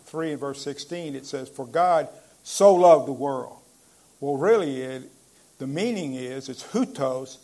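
A man preaching a sermon, emphatic at times, with frequent "uh" pauses, and slowing down to read scripture. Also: medium pitch, darkish tone. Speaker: pastor.

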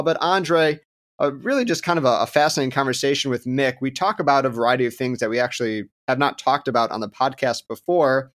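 A male podcast co-host with a mid-range voice. He opens the episode in an easy, conversational tone. His speech is loose and full of "uh" and "you know". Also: mid-range voice. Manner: relaxed, conversational, many fillers. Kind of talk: podcast intro chat.

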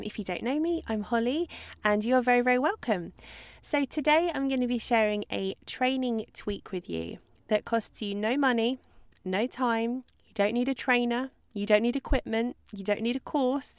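A woman hosting a solo podcast as a dog trainer, talking in a chatty, lively way and acting out examples. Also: fairly high pitch, moderate pace, no room sound. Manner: chatty, animated, acts out babbling owner voices.

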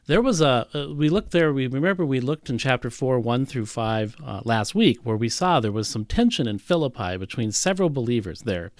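Male pastor, lively sermon voice, dry close recording, emphatic teaching. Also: medium pitch, a little fast, hardly any pauses, dry recording. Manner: animated Bible teaching with emphatic repetition.

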